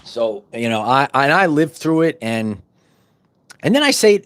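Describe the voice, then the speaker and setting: A middle-aged man hosting a podcast, giving a fervent spiritual monologue full of repetitions and stumbling restarts that rises into loud bursts. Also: mid-range voice, sing-song, moderate pace. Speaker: podcast host.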